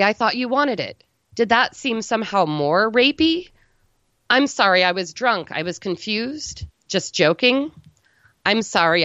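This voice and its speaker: A woman's voice: medium pitch, fairly bright tone, no echo. A woman voicing a rebellious teenage girl with a shaved head, scolding herself in a frantic inner voice. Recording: dull, dry lo-fi recording.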